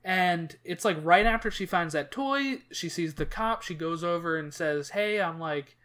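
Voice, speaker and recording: Bright-voiced man rambling through a movie recap. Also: on the high side, animated, moderate pace. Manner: rambling, many fillers and restarts, emotional retelling. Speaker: podcast host. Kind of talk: casual chat recapping a movie.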